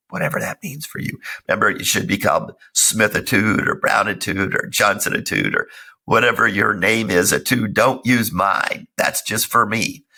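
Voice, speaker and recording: A middle-aged man hosting a self-help podcast, talking casually and earnestly while hoarse from a cold. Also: lowish voice, bright, forceful tone. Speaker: podcast host. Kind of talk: casual solo podcast talk.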